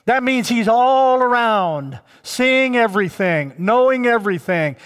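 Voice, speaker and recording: A man's voice: sits high, fairly bright tone. A male pastor preaching a sermon to his congregation, drawing out key words and addressing them directly. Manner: emphatic, draws out key words. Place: church sanctuary. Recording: long church reverb.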